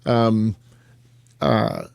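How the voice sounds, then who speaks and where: A man talking as a guest on an interview podcast, measured and thoughtful with frequent fillers. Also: on the low side, fairly even intonation, gravelly, darkish tone, no room sound, studio quality. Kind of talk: interview conversation.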